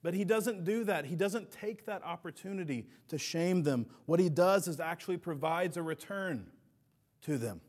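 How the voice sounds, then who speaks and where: A middle-aged man delivers a sermon as a pastor. His voice sits a little high for a man. He presses hard on key phrases, then sinks back to a soft, low close. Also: expressive, normal speed. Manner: earnest, building to emphatic peaks then dropping soft.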